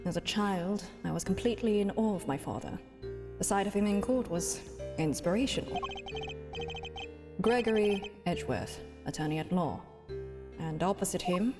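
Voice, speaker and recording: A woman voicing a stern, aloof young male prosecutor, reading his lines formally and quietly over a video game. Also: mid-range voice, over music, close to an everyday voice. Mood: reflective. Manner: formal, measured, hushed narration.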